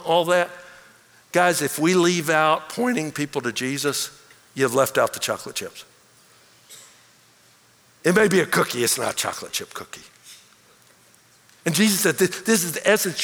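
Male pastor, high gravelly voice, lively sermon delivery, church hall reverb. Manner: animated, acts out quoted voices.

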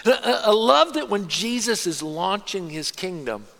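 A man preaching a sermon as a pastor, conversational and animated, acting out quoted asides. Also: high-pitched, normal speed, gravelly. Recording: long hall reverb.

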